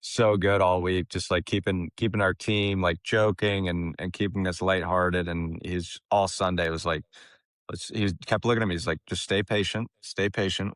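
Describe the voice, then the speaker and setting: Young man telling a story, deep voice. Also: no room sound, clean studio sound. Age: young adult. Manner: animated, laughs often, restarts phrases. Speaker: caddie, podcast guest. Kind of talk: casual storytelling interview.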